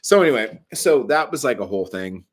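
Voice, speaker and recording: A man's voice: mid-range voice, lively intonation, fairly quick, slightly rough. Foul-mouthed, rambling man vlogging. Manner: profane, exasperated, rambling with many fillers. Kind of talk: casual rambling storytelling vlog.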